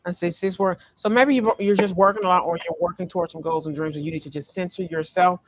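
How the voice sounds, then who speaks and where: Male tarot reader, high voice, casual vlog, meandering delivery with many fillers and restarts. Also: steady tone, fast talker. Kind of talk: casual spiritual card reading vlog. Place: sitting in a fast-food restaurant.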